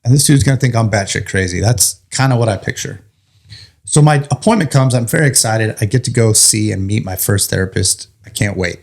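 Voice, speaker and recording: A man's voice: on the low side, fairly quick, gravelly. A man, a firefighter, telling his story in a casual chat, joking and acting out what people said. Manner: animated, joking, acts out quotes. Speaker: firefighter guest.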